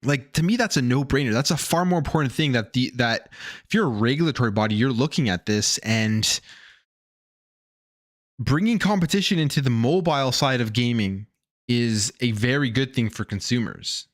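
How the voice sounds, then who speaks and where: A male gaming news streamer talks in a loose, opinionated way, stumbling over his words and circling back to restart sentences. His voice sits at an ordinary middle pitch. The sound is dry and close, with no room echo. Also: lively intonation, normal speed. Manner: rambling, restarts and repeats words. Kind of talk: casual opinionated commentary.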